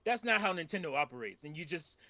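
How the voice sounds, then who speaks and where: A man's voice: on the high side, lively intonation, fast talker, a crowd in the background. A man co-hosting a casual gaming podcast, blunt and profane, laughing often. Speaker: podcast co-host.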